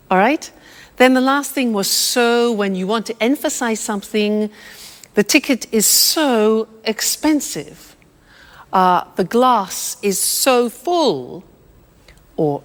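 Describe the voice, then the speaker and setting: Slow, lively woman teaching English. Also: mid-range voice, big-room sound. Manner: patient, explains step by step with examples. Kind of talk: slow, clear language lesson.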